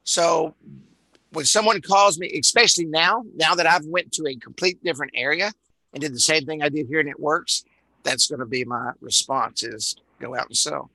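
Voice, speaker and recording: A man's voice: a little high, normal speed, gravelly, sharp tone, dry recording, rough recording. A man from Dallas with a Texan accent, leading a live online sales training in a rambling way, full of repeated words and uhs. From Dallas, Texas.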